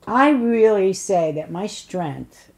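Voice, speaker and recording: An older woman from a Polish immigrant family tells blunt, funny stories in an oral history interview, acting out what people said, voices and curses included. She speaks slowly at a medium pitch, animated and a little mellow.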